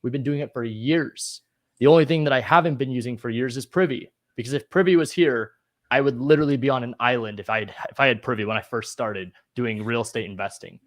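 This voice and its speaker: A man's voice: medium pitch, quick pace. A man in his twenties talking casually and energetically as a co-host, coaching listeners. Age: 20s. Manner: energetic, motivational. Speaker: co-host, real estate agent.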